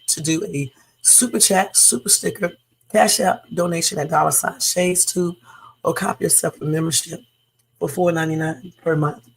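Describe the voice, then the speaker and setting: A woman's voice: on the low side, vocal fry, husky, rough recording. A woman hosting a casual reaction livestream in her morning voice, chatty and loose. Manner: chatty, loose, with fillers and Southern-style talk. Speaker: reaction streamer.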